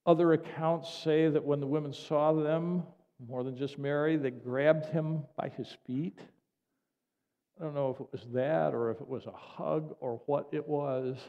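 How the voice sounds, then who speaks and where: Man preaching in an echoey hall. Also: on the high side. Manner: animated, conversational storytelling with asides. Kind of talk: sermon. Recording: dull lo-fi audio with long hall reverb.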